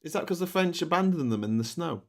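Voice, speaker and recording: A man's voice: fairly high pitch, expressive, fast talker. A British man hosting a live stream, chatting casually with sarcastic jokes and playful asides. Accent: British English. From Britain. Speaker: livestream host.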